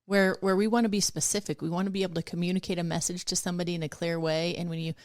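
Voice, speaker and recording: A woman's voice: fairly low pitch, level tone, very fast, a little mellow, no room sound, clean studio sound. A woman hosting a podcast, talking in a casual, affirming and thoughtful way with her guest. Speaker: podcast host. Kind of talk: casual conversation.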